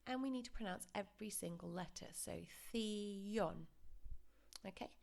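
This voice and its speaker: A woman teaching a lesson over slides, explaining pronunciation patiently and modelling words slowly for repetition. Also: mid-range voice, vocal fry, darkish tone. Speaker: Spanish teacher. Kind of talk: recorded classroom lesson.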